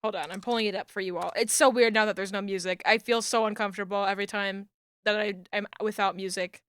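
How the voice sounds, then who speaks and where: A young woman chatting casually on a live stream while rigging a model, excitable and full of laughs and fillers. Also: medium pitch, fast, smooth, no room sound, studio quality.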